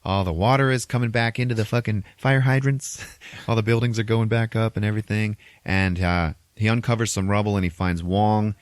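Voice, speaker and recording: A man hosting a podcast, recapping a movie in a casual, animated way, swearing freely and laughing often. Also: on the low side, fairly quick, no room sound, studio quality. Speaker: podcast host.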